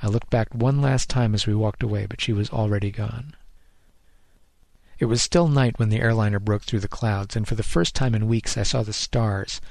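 Gravelly man reading his own noir story. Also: fairly low pitch, fairly even intonation, normal speed, darkish tone, no room sound. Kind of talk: first-person noir narration.

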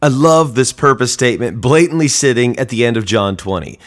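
A man's voice: mid-range voice, brisk, fairly bright tone. A man hosting a daily Bible reading, reading scripture aloud with commentary and raising his voice for quoted speech.

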